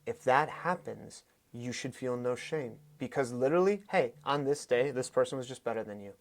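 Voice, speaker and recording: Emphatic male storyteller. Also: mid-range voice. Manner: animated, emphatic storyteller with quick bursts. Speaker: podcast guest, fight coach. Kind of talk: conversational storytelling.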